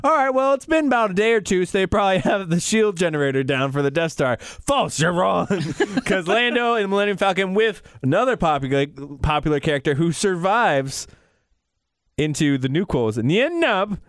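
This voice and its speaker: Young guy cohosting a movie recap, jokey, lively pitch, kinda high voice, dry sound. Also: moderate pace, dry recording. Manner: animated, jokey, acts out lines in funny voices. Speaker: podcast co-host. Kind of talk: casual chat recapping a film.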